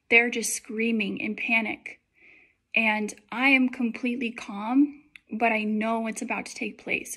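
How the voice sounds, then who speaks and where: Chatty young woman, high voice. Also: fairly bright tone. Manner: chatty, many likes and fillers. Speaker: vlogger telling a dream. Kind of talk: casual testimony.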